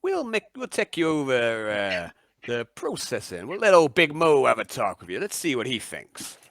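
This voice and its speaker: A man voicing a suspicious male swamp dweller guard with a gruff manner. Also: mid-range voice, huge pitch swings, moderate pace, a bit bright. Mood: grudging.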